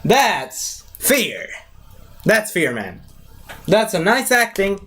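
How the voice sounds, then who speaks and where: A young man giving a casual live movie review, rambling and excitable, with lots of fillers and broken grammar. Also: high voice, extremely slow, breathy edge.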